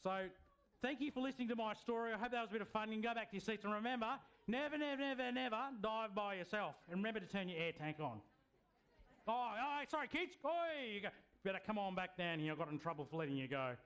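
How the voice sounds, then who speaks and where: Lively man telling kids a story. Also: sits high, quick pace, clear, resonant tone. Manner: lively, asks the kids questions. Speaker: children's storyteller at church. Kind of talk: animated story for children.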